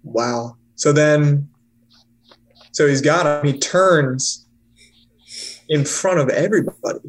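A man's voice: on the high side, takes it slowly, a little hiss or hum, poor audio. A man casually building on jokes in a comedy brainstorm.

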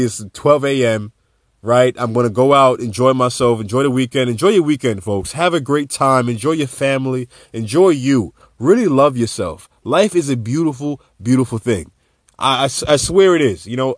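A man hosting a podcast in a casual monologue, animated and joking, with laid-back asides. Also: medium pitch, dry recording, studio quality. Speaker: podcast host.

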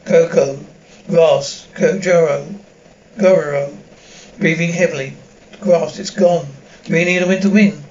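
A man's voice: fairly high pitch, fairly even intonation, takes it slowly, darkish tone, highs cut off. A man reading a dubbed drama aloud, speaking the sound cues between the lines.

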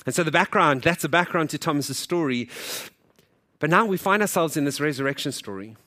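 Animated male pastor preaching. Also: on the high side, fairly quick. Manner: animated, acts out quoted dialogue; conversational, jokes with congregation. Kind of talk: sermon.

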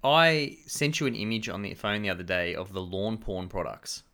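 An Australian man co-hosting a podcast, joking and telling animated stories. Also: on the low side, normal speed. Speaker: podcast co-host. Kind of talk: casual chat.

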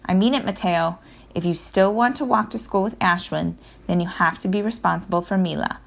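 A firm, hurried mother lays down the rules with stern insistence, as a woman reading an audiobook puts her on. The voice sits low and a little gravelly.

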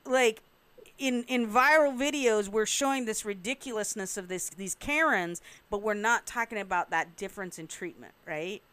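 A woman's voice: medium pitch, normal speed, fairly bright tone, clean tone, dry recording. A woman in a casual group discussion, recounting events frankly and with swearing. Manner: frank storyteller, profane, recounting events at length.

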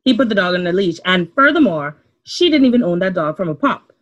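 A woman's voice: on the low side, big pitch swings, a little fast, dull audio. A woman co-hosting a podcast who makes her points emphatically in casual discussion. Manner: emphatic, opinionated. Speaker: podcast co-host.

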